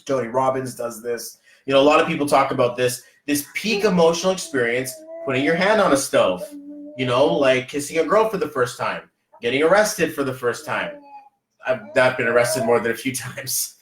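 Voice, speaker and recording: A man hosting a podcast, chatting casually and motivationally, telling rambling, animated stories full of fillers. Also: mid-range voice, normal speed, echoey room, rough recording. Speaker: podcast host.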